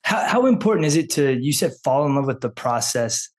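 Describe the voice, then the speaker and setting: A man hosting a podcast and putting relaxed questions to his guest. He speaks at an ordinary middle pitch and often stumbles, repeats words and restarts his sentences. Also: brisk. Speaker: podcast host. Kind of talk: interview questions, casual.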